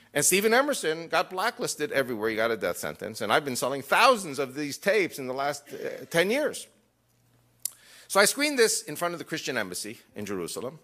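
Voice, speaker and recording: The man's medium-pitched voice sounds pushed and bright. In a storytelling lecture to a live crowd, he recounts personal experiences with joking asides and acts out what people said.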